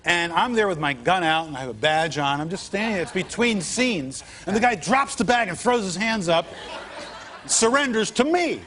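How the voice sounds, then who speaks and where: On a late-night talk show, a comedian guest cracks jokes through his anecdotes and breaks into mock voices, speaking animatedly and briskly with hardly any pauses. His high voice has a bright, forceful tone, captured by a television studio mic with a little hiss or hum. The live studio audience can be heard.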